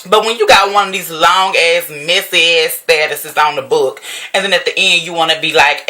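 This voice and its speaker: A woman ranting casually to camera at home, profane and sassy, jumping up high in pitch when she exclaims. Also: moderate pace, bright, forceful tone. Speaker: vlogger.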